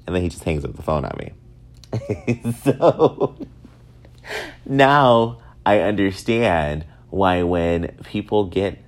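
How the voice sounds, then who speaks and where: Deep-voiced man in his thirties, joking. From upstate New York. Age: 30s. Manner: animated, self-mocking, swings up high for acted quotes. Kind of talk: casual storytelling monologue.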